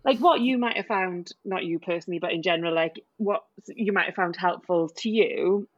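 A woman's voice: lowish voice, normal speed, no room sound, highs cut off. A woman doctor co-hosting a casual podcast chat, talking loosely with lots of fillers and hedges. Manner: chatty, hedging with many fillers.

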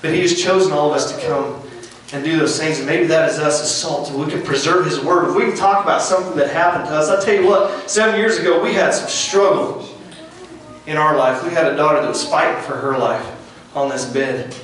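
A man preaching an earnest, folksy sermon outdoors, repeating phrases and dropping to hushed tones. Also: a little high, brisk. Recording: echoey and distant outdoors.

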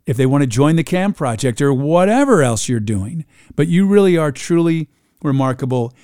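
Male talk show host, slightly high, smooth voice, effusive, dry sound. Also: expressive, moderate pace, darkish tone, no room sound. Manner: effusive, praising. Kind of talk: live online talk show.

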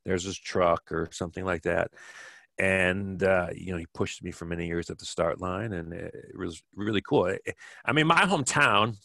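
A man's voice: low voice, normal speed, gravelly, pushed and bright, no room sound. A man in his fifties from Kenosha, Wisconsin, telling stories as an interview guest in a rambling way with many restarts. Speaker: guest, former track cyclist. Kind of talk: relaxed storytelling interview.

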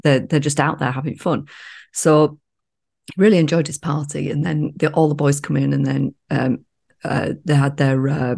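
A woman's voice: low voice, steady tone, moderate pace, gravelly, darkish tone. A woman co-hosting a podcast, telling stories in casual chat and often laughing. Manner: chatty storytelling, laughs often. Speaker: podcast co-host.

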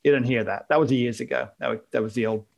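A man's voice: medium pitch, fast, gravelly. A man co-hosting a casual live podcast chat, joking and rambling and laughing often. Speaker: podcast co-host.

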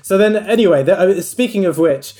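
A man's voice: high voice, lively intonation, a little fast, mellow. A man, a doctor, chatting casually and reflectively with many filler words. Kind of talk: casual podcast chat.

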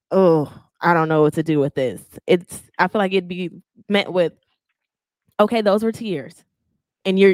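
A woman's voice: medium pitch, no room sound. A woman co-hosting a casual podcast, talking expressively. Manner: expressive, animated storytelling. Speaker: podcast co-host. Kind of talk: casual chat.

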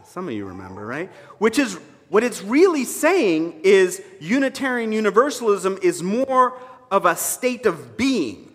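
A man's voice: high voice, a bit bright. A man preaching a sermon as a minister, conversational and emphatic, with wry asides to his congregation. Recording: reverberant hall sound.

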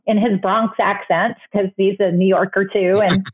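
A woman's voice: mid-range voice, fairly even intonation, moderate pace, husky. A middle-aged woman, an interview guest, telling a personal story candidly with many restarts and fillers. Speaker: guest, author. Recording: phone-like remote line.

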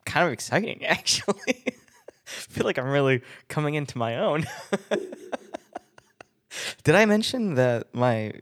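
A man's voice: fairly high pitch, sing-song, unhurried, long pauses, a bit bright. Chatty, giggly man hosting a podcast. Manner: rambling and self-deprecating, laughing often. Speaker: podcast host. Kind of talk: casual solo podcast chat.

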